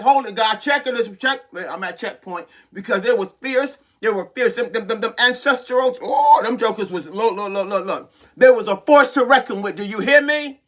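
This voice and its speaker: A man's voice: extremely high pitch, bright, forceful tone. A man preaching a sermon with fervor, repeatedly calling out to his listeners. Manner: fervent, repetitive exhortations with call-outs to listeners.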